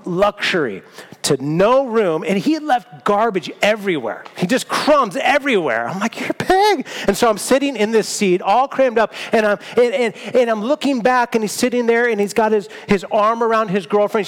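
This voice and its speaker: A man preaching a sermon, telling a personal story in a lively, self-mocking way. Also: high voice. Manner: animated storytelling, self-mocking, laughs at himself. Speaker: pastor. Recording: long hall reverb.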